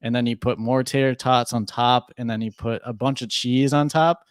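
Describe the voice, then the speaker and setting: A man's voice: mid-range voice, steady tone, moderate pace, smooth. A young man from Minnesota talks casually as a podcast guest. His speech is easygoing and full of fillers and restarts. The sound is dry and close, with no room echo. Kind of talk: casual chat.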